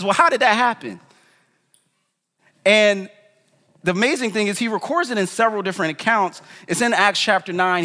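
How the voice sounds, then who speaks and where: A man's voice: high voice, pushed and bright, long reverb tail. A man preaching a sermon as pastor in a casual, slangy, conversational way, in a church. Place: church in New York.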